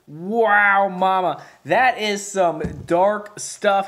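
A man's voice: on the high side, lively intonation, normal speed, fairly bright tone. A man reviewing a beer on camera in a rambling, folksy way, with lots of fillers and restarts. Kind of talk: casual video review.

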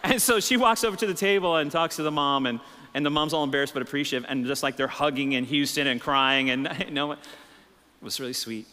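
A middle-aged Texan man, a pastor, preaching a sermon and telling stories, swinging between low, relaxed storytelling and emphatic, raised peaks. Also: fast, slight background noise. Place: church sanctuary. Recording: reverberant church hall.

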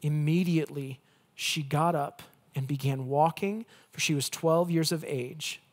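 A male pastor preaching a conversational sermon with playful asides, swinging between loud emphasis and hushed, gentle lines. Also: on the high side, measured pace.

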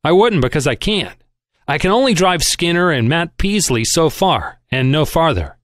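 A man's voice: on the high side, sing-song, moderate pace, no echo, clean studio sound. A man voicing a crusty, shrewd old shipping magnate who barks and chirps by turns, in an audiobook reading. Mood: teasing. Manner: barking, chirpy and teasing by turns.

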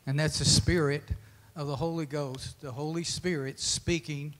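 A man preaches earnestly, pitched slightly high, and his voice rings out through the long reverb of a church sanctuary. He presses forward quickly, then slows to hammer home repeated lines. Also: steady tone, a bit bright. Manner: earnest exhortation, quick with slow emphatic repeats. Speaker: pastor. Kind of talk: sermon.

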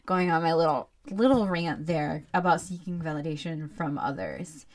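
A woman hosting her own podcast, talking candidly in a rambling, heartfelt solo monologue that turns animated when she rants. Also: low voice, moderate pace. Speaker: podcast host.

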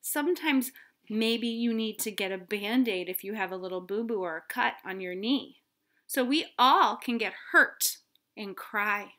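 A woman teaching preschoolers about feelings, patient and coaxing, asking the children questions. She often drops into a soft whisper and then comes back with gentle emphasis. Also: mid-range voice, unhurried. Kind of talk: gentle lesson for young children.

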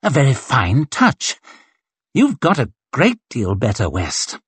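Guy doing a smug sneering swordsman colonel, mocking, husky and lifted a bit, dry sound. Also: mid-range voice, wildly swooping pitch, slow, a bit bright, dry recording, heavily acted. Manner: mocking, condescending drawl. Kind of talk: audiobook character reading.

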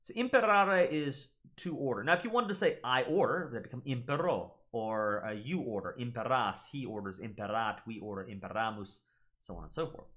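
A man of middling pitch who teaches in a casual, chatty way, his voice swinging up and down with energy. He hosts a gaming channel and repeats words slowly to demonstrate how they sound. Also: a bit bright. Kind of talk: casual explanatory lesson.

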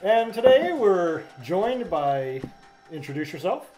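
A man's voice: high voice, big pitch swings, slow, warm tone, faint music behind. A man hosting a casual podcast chat, talkative and laughing as he tells stories. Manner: chatty, laughs while telling stories. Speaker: podcast host and filmmaker.

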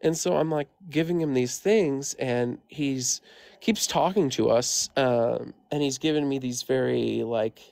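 This caller, a man in his thirties from the US Midwest, tells a paranormal story in a loose, rambling way, packed with "like" and "um." He speaks a bit slowly in a creaky, somewhat mellow mid-range voice, captured in a dry recording.

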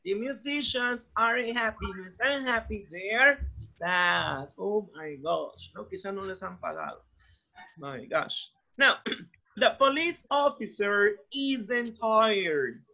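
A woman teaching English, slowly repeating phrases for students to echo and mixing in Spanish. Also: medium pitch, expressive, gravelly, sharp tone. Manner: switches between English and Spanish. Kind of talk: classroom drilling. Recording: dull lo-fi sound.

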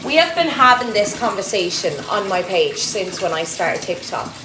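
A woman's voice: medium pitch, lively intonation, normal speed. A young Irish woman with a Louth and Dublin accent, chatting casually to her followers in a rambling way, with lots of "like". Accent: Irish, a mix of Louth and Dublin. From Ireland. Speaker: TikTok creator. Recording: echoey room with clear background noise.

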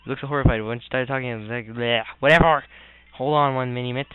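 Goofy let's player, smooth voice, tinny phone-like recording, faint game music. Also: male voice, medium pitch, fairly even intonation, racing, no room sound. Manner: goofy, rambling, mutters complaints. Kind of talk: casual gameplay commentary.

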